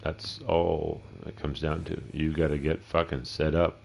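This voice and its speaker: A man's voice: extremely low pitch, level tone, measured pace, gravelly, darkish tone, a little hiss or hum. A middle-aged man giving casual, rambling, profane commentary while streaming a game, often talking to himself. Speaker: gameplay streamer.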